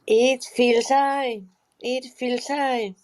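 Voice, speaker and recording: Woman student on a call, slowish and higher voice, kinda apologetic. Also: fairly even intonation, darkish tone. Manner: apologetic, hesitant.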